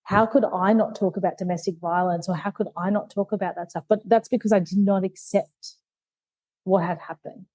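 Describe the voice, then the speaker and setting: Earnest woman with a mellow voice. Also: medium pitch, steady tone, a little fast, no echo, low-quality recording. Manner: open, earnest storytelling that acts out remembered dialogue. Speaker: guest. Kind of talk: candid life story in conversation.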